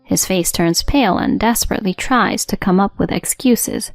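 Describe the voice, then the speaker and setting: A woman narrating a first-person story in a cold, steady, matter-of-fact way. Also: mid-range voice, moderate pace, creaky, no echo. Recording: dry studio voice-over with soft music.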